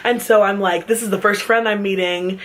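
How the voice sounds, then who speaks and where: A woman's voice: mid-range voice, a little fast, low-quality recording. Young female vlogger, chatty storyteller, frequent laughter, acts out quotes. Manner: laughs often, animated quoting of others. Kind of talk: casual storytelling.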